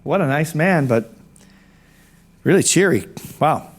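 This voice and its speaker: A man with a somewhat high voice tells a personal story in an animated way. He acts out the other people he quotes and clears his throat every so often. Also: moderate pace. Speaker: speaker telling his story. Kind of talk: storytelling talk.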